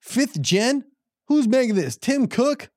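A man's voice: very high-pitched, big pitch swings, takes it slowly, a little mellow, a little hiss or hum. A man co-hosting a podcast, bantering and joking in casual chat. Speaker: podcast co-host.

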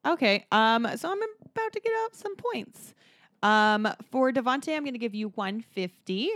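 A woman's voice: fairly high pitch, expressive, moderate pace, fairly bright tone, no room sound, studio quality. Giggly young woman running a game. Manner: chatty, giggly, rule-announcing. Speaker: game master. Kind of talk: casual game hosting.

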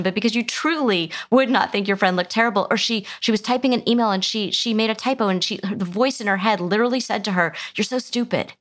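A middle-aged woman with a mid-range, fairly bright voice appears as a psychotherapist guest in a conversational interview. She explains things earnestly, often restarts her sentences, and acts out quotes.

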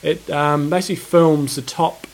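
A man co-hosting a podcast in a relaxed, rambling chat full of fillers. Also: fairly high pitch, normal speed. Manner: laid-back, rambling with fillers. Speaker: podcast co-host. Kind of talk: casual chat.

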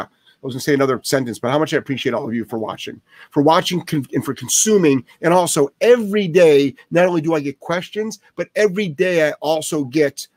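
A man runs a casual live Q&A as a dog trainer, blunt and emphatic, with a fairly high voice for a man. He swears freely and hammers points home by repeating himself. The sound is dry and close, with no room echo.

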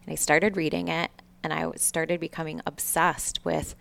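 A woman's voice: sits low, flat delivery, normal speed, vocal fry, a bit bright. A woman in her thirties, a podcast guest telling a candid, emotional personal story with swearing and laughs.

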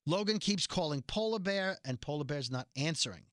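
A man's voice: on the high side, animated, brisk, a bit bright, dry recording, studio quality. A man casually recapping a TV episode as a podcast host, chatty and joking, with rambling asides. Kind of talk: casual chat.

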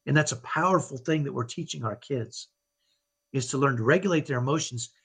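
A man's voice: medium pitch, brisk, creaky, fairly bright tone, slightly rough. A middle-aged man giving an earnest, motivational parenting talk as a podcast guest, often checking in with "right?". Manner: earnest, tags points with "right?".

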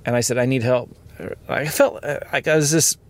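A man's voice: medium pitch, fairly even intonation, moderate pace. A man hosting a podcast, talking candidly from inside his car, earnest and rambling with many fillers. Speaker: podcast host.

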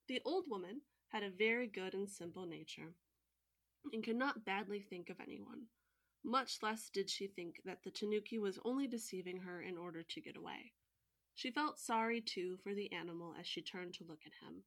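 A woman co-hosting a podcast, reading a folktale aloud in an even storytelling manner with joking asides. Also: medium pitch, moderate pace.

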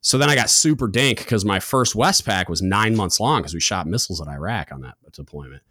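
A man's voice: lowish voice, brisk, dry recording, clean studio sound. A man in his thirties, a podcast host, telling a story in casual chat and acting out the voices of others. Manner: animated, acts out quoted voices.

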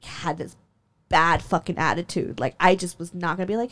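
A woman's voice: steady tone, moderate pace, a bit bright. Heated, swearing young woman telling a story. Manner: heated, profane, frequent laughs, many "like" fillers; jumps in pitch when worked up. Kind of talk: casual chat.

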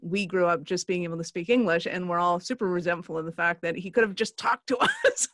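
A woman's voice: on the low side, sing-song, brisk, a bit bright, no echo, studio quality. A woman from Canada, a guest in a casual chat, who is upbeat and laughs often.

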